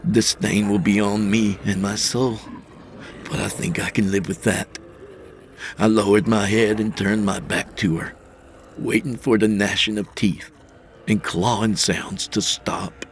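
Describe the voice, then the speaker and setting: Deep-voiced man narrating horror. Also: fairly even intonation, a little slow, slight background noise. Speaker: storyteller and podcast host. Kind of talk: dramatic first-person horror narration.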